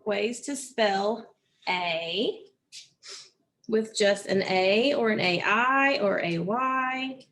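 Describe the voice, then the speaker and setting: A woman teaching a phonics lesson, saying each word slowly and repeating it several times. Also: medium pitch, a bit bright. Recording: echoey room from a distance.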